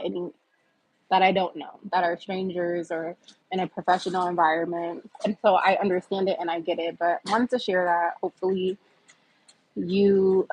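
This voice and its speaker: A livestream host, a woman in her fifties from the US East Coast, reads her viewers' comments aloud in a casual, candid chat full of laughter. Her voice is husky and on the low side, captured on a low-quality recording.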